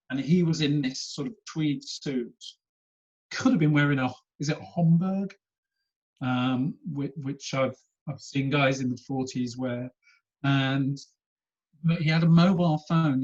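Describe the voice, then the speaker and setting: A man's voice: a little high, a little mellow, slightly rough, dull audio. A man telling stories animatedly as a guest, laughing often. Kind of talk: casual storytelling chat.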